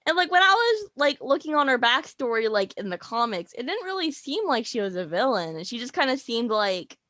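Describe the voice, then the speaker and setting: A woman's voice: on the high side, sing-song, brisk, fairly bright tone, no echo, clean studio sound. A woman co-hosting a casual review chat, thinking aloud and musing over open questions. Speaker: co-host.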